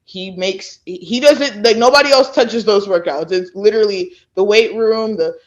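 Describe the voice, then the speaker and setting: A woman in her late twenties from Texas, a podcast guest who tells stories in a lively way and acts out what others said. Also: medium pitch, normal speed. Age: late 20s. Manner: animated storyteller who acts out quoted people. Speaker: guest, former college thrower. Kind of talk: casual podcast interview. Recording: dull lo-fi sound.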